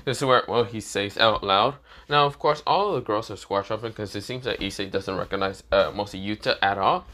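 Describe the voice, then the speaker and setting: A man's voice: lowish voice, a little fast, sharp tone, slight background noise. A man telling a fan story off the cuff, rambling with frequent fillers and casual swearing. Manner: rambling, filler-heavy, profane.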